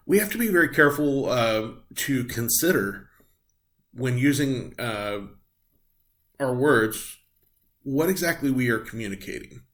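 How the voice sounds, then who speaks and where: A middle-aged man teaching a recorded class on patient communication. His voice sits at an ordinary middle pitch. He explains each point plainly and often pauses on um and uh. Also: animated. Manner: explanatory, frequent ums and uhs. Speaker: nursing instructor. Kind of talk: recorded lecture.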